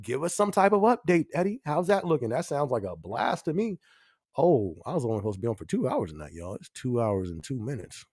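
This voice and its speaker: A man's voice: medium pitch, sing-song, a little fast, a little mellow, breathy edge, dry recording, clean studio sound. A man hosting a casual live-stream podcast, chatting in slang, laughing often and repeating his phrases. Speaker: livestream podcast host.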